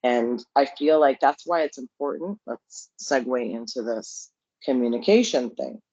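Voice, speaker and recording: A man's voice: medium pitch, a little slow, a little mellow, no room sound, dull audio. A man with a Canadian accent co-hosting a podcast, speaking earnestly and repeating his points for emphasis. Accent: Canadian English. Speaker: podcast co-host. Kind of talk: casual podcast chat.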